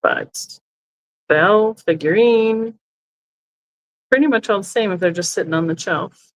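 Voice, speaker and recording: A woman sells items in a casual live stream from a chair indoors, describing each one as she thinks aloud and often correcting herself. Her voice is mid-range and unhurried, and the recording is low quality.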